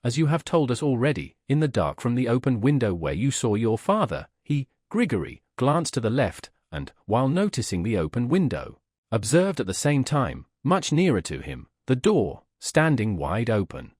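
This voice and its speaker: A composed prosecutor lays out evidence with frigid formality, voiced by a man reading aloud. His husky voice stays dry and close. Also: medium pitch, big pitch swings, normal speed, a little mellow, dry recording. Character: cold, composed male prosecutor, middle-aged official.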